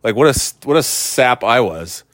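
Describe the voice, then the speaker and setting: Male host, dry close sound, mid pitch, sarcastic swearing rambler. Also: expressive, moderate pace, a bit bright, no room sound. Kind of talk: casual profane rant.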